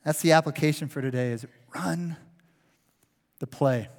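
Pastor guy preaching, animated, voice kinda high, long echo from the big church hall. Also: normal speed. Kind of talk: sermon. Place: church sanctuary. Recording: long reverb of a large hall.

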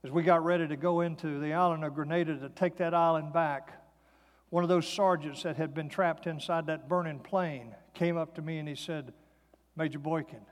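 A man's voice: on the high side, steady tone, moderate pace. A man in his sixties giving a folksy preaching testimony to an audience. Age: 60s. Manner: folksy storytelling. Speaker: speaker. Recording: long hall reverb.

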